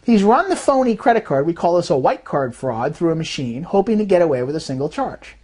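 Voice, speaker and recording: A woman who designs fraud detection systems explains in an animated way and acts out quoted voices as she goes. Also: on the low side, fairly quick, slightly rough. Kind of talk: explanatory talk.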